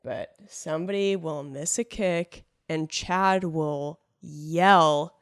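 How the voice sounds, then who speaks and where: A woman's voice: sits low, slow, clean tone, no room sound, studio quality. A woman co-hosting a podcast in casual chat, teasing at times and earnest when she explains herself. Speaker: podcast co-host.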